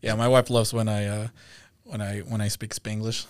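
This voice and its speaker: A man co-hosting a casual podcast, agreeing often with quick replies. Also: fairly low pitch, little pitch movement. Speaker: podcast co-host. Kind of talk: casual chat.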